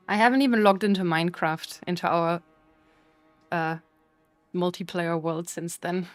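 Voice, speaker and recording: A woman's voice: lowish voice, steady tone, normal speed, long pauses, dry recording, soft background music. A woman streamer chatting casually with her live chat while playing, playful and full of mock outrage.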